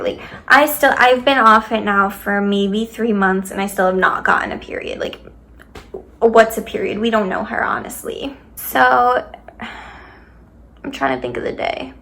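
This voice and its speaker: A woman's voice: a little high, normal speed, a bit bright. A young woman talking candidly in a casual vlog, rambling with lots of fillers and swearing freely. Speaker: vlogger.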